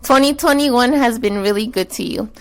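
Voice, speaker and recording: Woman with a slight cold, american accent, somewhat high voice, earnest podcast co-host reading a letter aloud. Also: moderate pace. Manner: earnest, frank, swears casually. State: getting over a cold, short of breath. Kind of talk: reading a personal letter aloud, then casual chat.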